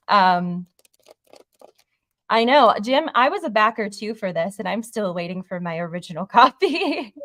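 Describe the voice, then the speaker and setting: Woman, livestream host, casual chat, excitable, rambling, mid-pitched voice. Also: moderate pace, dry recording, clean studio sound. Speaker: host of a horror channel.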